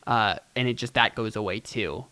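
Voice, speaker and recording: A man's voice: fairly low pitch, moderate pace, sharp tone. A man narrating a tabletop role-playing game as game master, rambling with many "um"s and "like"s. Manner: rambling, full of "um" and "like".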